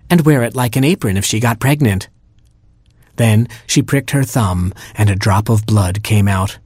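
Husky male storyteller, wry and deadpan, dry close sound. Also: lowish voice, normal speed, no echo. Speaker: narrator. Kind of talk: storybook reading aloud.

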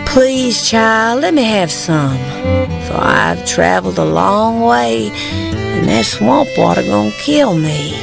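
A kindly, crook-backed old conjure woman speaks slowly and gently, as a woman storyteller puts her on. The voice sits in a middle range. Loud fiddle and guitar music plays behind her. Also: mid-range voice, very animated, gravelly, voice pushed up, exaggerated voice. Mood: gentle. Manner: gentle, slow Southern drawl.

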